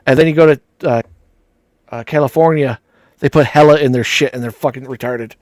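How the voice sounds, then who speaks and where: A man's voice: mid-range voice, brisk, a little mellow, no echo. A man co-hosting a live stream, rambling in casual, profane banter and laughing often. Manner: rambling, profane, laughs a lot, mimics accents. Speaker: co-host of a live show.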